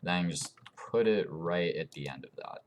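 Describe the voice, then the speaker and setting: Man with a very deep voice, rambling tutorial. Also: moderate pace, slight background noise. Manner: rambling, meandering explanations. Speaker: tutorial YouTuber. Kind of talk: casual game tutorial commentary.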